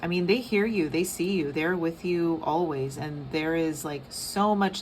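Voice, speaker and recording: Low-voiced woman reading tarot. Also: normal speed, few pauses, slight background noise. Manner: soft, rambling, many fillers. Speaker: tarot reader. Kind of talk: casual pick-a-card tarot reading.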